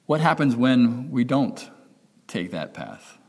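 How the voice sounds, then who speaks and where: A man's voice: medium pitch, big pitch swings, slow, breathy edge, in a large hall. A man preaching a sermon as pastor, talking in a conversational way, correcting himself and acting out the voices in people's heads. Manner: conversational, self-correcting, acts out quoted inner voices.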